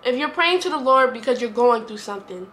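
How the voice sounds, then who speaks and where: A woman's voice: on the high side, expressive, brisk, fairly bright tone. A woman, talking earnestly to camera in a rambling, repetitive way. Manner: earnest, rambling, repeats herself. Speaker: vlogger. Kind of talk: heartfelt casual talk to camera.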